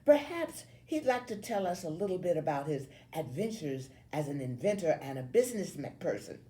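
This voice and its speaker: A woman's voice: low-pitched, very animated, moderate pace, warm tone. A woman voicing a cheerful, fussy homeroom teacher who is overly welcoming.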